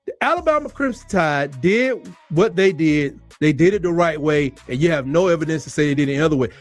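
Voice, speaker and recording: A man hosting a sports talk show, delivering a heated, animated rant with lots of repeated emphasis. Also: a little high, a little fast, faint music behind. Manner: fired-up, animated, repetitive emphasis.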